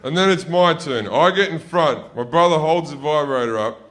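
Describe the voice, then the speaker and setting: Profane stand-up comic. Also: male voice, a little high, normal speed, fairly bright tone. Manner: profane, rambling anecdotes with self-corrections. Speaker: stand-up comedian. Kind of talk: stand-up comedy storytelling.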